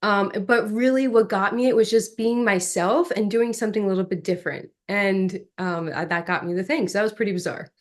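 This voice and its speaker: Lively young woman telling stories. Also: medium pitch, fairly quick, hardly any pauses. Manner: animated, lively storyteller. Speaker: actress, guest. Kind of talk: storytelling in an interview.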